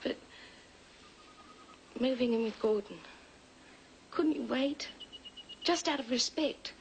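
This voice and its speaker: A woman's voice: sits high, slow pace, a little hiss or hum, rough recording. An actress playing an earnest, pleading young woman in the style of 1980s TV soap acting.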